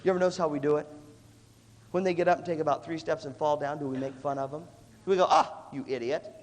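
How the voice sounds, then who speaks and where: A man giving a lively seminar talk to a live audience, telling stories and acting out the dialogue. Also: fairly high pitch, quick pace. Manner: animated storyteller who acts out dialogue. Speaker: leadership seminar speaker. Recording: long hall reverb.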